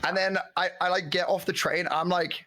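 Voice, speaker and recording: Rambling, fairly high-voiced young man. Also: steady tone, moderate pace, pushed and bright. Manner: rambling, swearing, playful. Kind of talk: casual chat on a stream.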